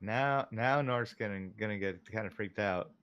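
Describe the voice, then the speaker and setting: A man's voice: fairly low pitch, normal speed, fairly bright tone, clear, resonant tone, muffled recording. A man playing in a tabletop game, thinking aloud and chuckling often. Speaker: player.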